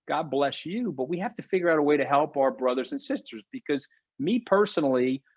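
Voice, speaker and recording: A man's voice: medium pitch, no room sound. A man speaking as a webinar guest, fired up and preachy, over a video call microphone. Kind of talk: impassioned webinar talk. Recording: dull, dry lo-fi call audio.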